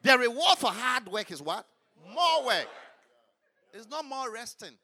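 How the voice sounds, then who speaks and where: A male preacher with a very high, piercing, bright voice delivers a fervent sermon. He swings from shouted lines down to low murmurs. A congregation is faintly heard behind him. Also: very animated, a little slow, some chatter behind.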